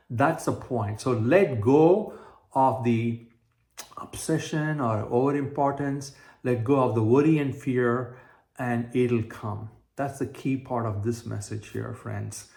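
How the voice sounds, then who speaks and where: A man's voice: mid-range voice, measured pace, vocal fry, a little mellow. A man giving an earnest, repetitive motivational self-help talk, explaining his ideas through everyday examples with frequent fillers and restarts. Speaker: manifestation coach. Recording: roomy echo.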